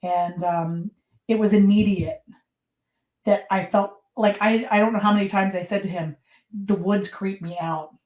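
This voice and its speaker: A woman guest tells her stories in a casual, animated way. She acts out the lines of the people in her stories and laughs often. Her voice sits at an ordinary middle pitch and rings with a roomy echo. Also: normal speed. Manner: lively storyteller who acts out quotes and laughs often. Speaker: podcast guest. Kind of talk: casual interview storytelling.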